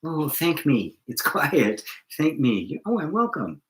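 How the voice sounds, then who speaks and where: A man's voice: fairly high pitch, very animated, slow pace, pitched above the performer's own voice. A man voicing God as a fussy figure who prays to himself, in a raised, playful, mock-pleading voice.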